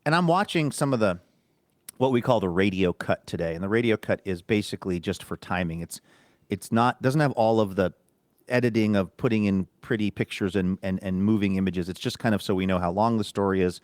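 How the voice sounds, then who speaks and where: A man co-hosting a podcast, telling stories in a casual chat and acting out quoted lines in an animated way. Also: fairly low pitch, brisk, no echo, studio quality. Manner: animated storytelling, acts out quotes. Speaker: podcast co-host.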